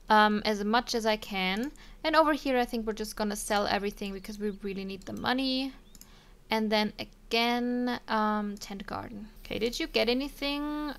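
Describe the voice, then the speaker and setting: Speaking on the high side with a slightly bright tone, a young let's play streamer comments casually on her life-sim game. She talks to her characters, often saying um and giving small laughs.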